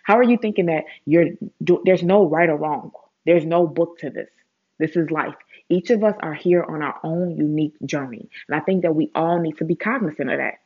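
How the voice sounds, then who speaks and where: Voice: mid-range voice, fairly quick, slightly rough, highs cut off. A vlogger giving a blunt, rambling motivational talk, swearing for emphasis and mocking complainers in a whiny voice. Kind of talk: casual motivational monologue.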